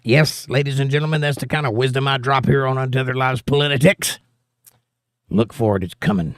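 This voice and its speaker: On his casual political livestream, a Southern-accented man reads viewer comments out loud and adds wry, joking remarks. His voice sits at medium pitch and moves fairly quickly, with no room sound.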